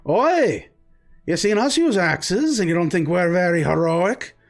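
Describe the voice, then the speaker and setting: A man voicing a gruff, boastful male warrior who teases bluntly. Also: high-pitched, lively intonation, unhurried, soft background music, voice pushed up, heavily acted. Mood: gruff teasing. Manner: blunt, teasing, boisterous.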